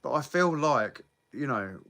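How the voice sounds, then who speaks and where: A man's voice: mid-range voice, expressive, measured pace, creaky, a bit bright. A young British man chatting casually on a live stream, rambling, swearing often and answering viewer comments. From Britain. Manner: rambling, swears often, laughs between lines.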